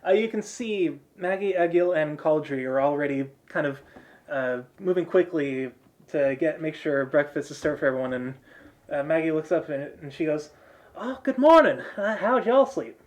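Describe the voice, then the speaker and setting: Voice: mid-range voice, moderate pace, darkish tone. A game master narrating a tabletop game in a loose, casual way, full of fillers and laughing often.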